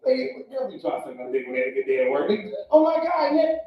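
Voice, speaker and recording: A male comedian doing a stand-up set, loud and brash, swinging between shouting and muttering, on a club stage. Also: medium pitch, very animated, rapid-fire, slight background noise. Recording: echoey distant club recording, dull sound.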